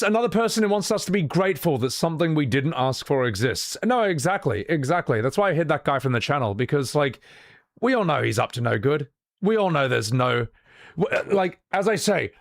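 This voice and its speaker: A man's voice: fairly high pitch, no echo, studio quality. Blunt, profane streamer man venting. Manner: blunt, profane, exasperated venting with frequent restarts. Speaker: livestreamer. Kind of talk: casual livestream chat.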